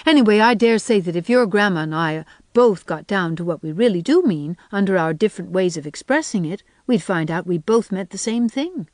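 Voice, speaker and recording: A woman voicing an earnest, imaginative young woman teacher in an audiobook, speaking in a gently solemn way. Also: mid-range voice, expressive, a little fast, hardly any pauses, no room sound, lightly acted.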